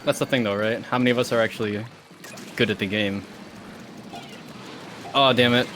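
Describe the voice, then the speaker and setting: A man's voice: medium pitch, fairly even intonation, moderate pace, bright, forceful tone, a little hiss or hum. A man chatting playfully while playing a video game on stream, teasing his co-player and laughing often. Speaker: guest co-player. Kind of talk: casual gaming banter on stream.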